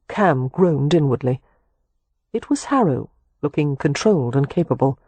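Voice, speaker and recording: Husky male audiobook narrator. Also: fairly high pitch, dark tone, no room sound. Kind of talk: scripted narration.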